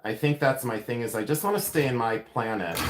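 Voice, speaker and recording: Chatting playfully with the people watching his livestream demo, this silversmith laughs often as he works in his jewelry studio. He speaks a little fast in a mid-range voice, over slight background noise.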